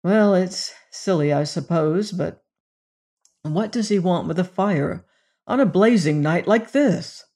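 An audiobook narrator voicing a calm, hesitant young male student in a storybook reading. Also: medium pitch, slow pace.

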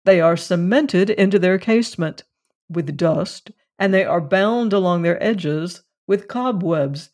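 A slow-paced reader voicing a grave man who speaks with measured, solemn weight. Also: high-pitched, darkish tone. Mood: probing.

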